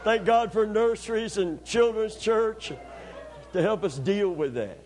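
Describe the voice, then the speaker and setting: A man delivers a sermon a little slowly, dramatizing scenes and alternating between excited outbursts and quiet, low passages. Some chatter can be heard in the background.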